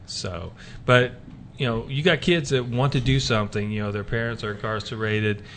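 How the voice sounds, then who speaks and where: A man's voice: mid-range voice, normal speed, fairly bright tone, a little hiss or hum. A man hosting a casual faith talk radio show, rambling with many fillers and restarts.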